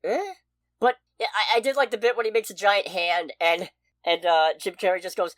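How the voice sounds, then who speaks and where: A woman co-hosting a podcast, reviewing a movie in casual chat, expressive and swearing freely. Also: mid-range voice, a little fast, no echo. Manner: expressive, swears freely, loud outbursts of frustration. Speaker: podcast co-host.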